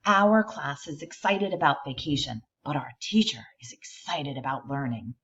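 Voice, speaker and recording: A woman reading a children's picture book aloud, expressive and stopping to point out the pictures. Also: sits low, lo-fi sound. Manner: expressive reader who pauses to explain the pictures. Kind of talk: read-aloud storytime.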